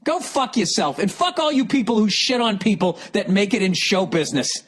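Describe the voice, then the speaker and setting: A middle-aged male comedian delivering an angry, profane ranting monologue with sudden shouted outbursts. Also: high-pitched, very animated, fairly quick, slightly rough.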